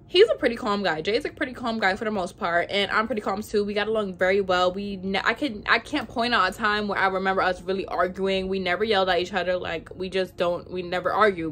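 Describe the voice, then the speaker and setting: Chatty young woman telling a story. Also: mid-range voice. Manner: chatty, animated, says "like" a lot. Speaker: vlogger. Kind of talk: casual storytime chat.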